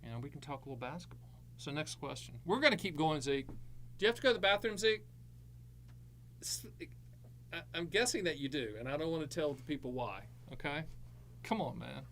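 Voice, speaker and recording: Middle-aged male advisor, voice on the higher side, chatty live-Q&A host with quick jokes. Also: sing-song, a bit bright, slight background noise. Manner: breezy, jokey, self-promoting salesman patter. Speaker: annuity advisor hosting a live Q&A. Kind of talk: live Q&A, answering viewer questions.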